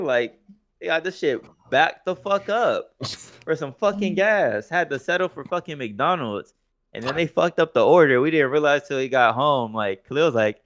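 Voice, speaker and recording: A man's voice: a little high, normal speed, no echo. A man co-hosting a podcast, telling a story in casual chat, swearing freely and laughing often. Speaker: podcast co-host.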